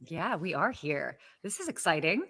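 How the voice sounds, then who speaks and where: A woman's voice: lowish voice, big pitch swings, moderate pace, sharp tone, no room sound. A woman co-hosting a live podcast from her apartment, chatty and exclamatory with lots of fillers. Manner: bubbly, exclamatory, many fillers. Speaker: podcast co-host. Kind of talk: casual live-stream chat. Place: home apartment.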